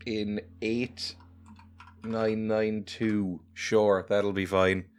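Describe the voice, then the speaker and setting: A man's voice: on the low side, little pitch movement, extremely slow. A man playing a game and chatting casually, joking and laughing as he goes. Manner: chatty, jokey, laughs often. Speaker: let's play gamer. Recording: music playing behind.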